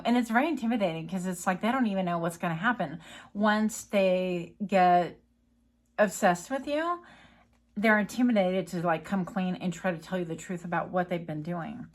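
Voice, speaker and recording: A woman's voice: mid-range voice, a bit bright. A woman giving a casual tarot reading, chatty and rambling, with many fillers and tangents. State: coughing, a bit choked up. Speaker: tarot reader.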